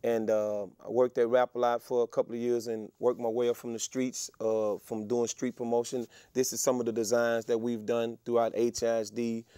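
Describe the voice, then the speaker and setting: A middle-aged man, an interview guest telling a story in a casual, animated way with many fillers and restarts. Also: medium pitch, normal speed, hardly any pauses, clear, resonant tone, no echo. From Texas.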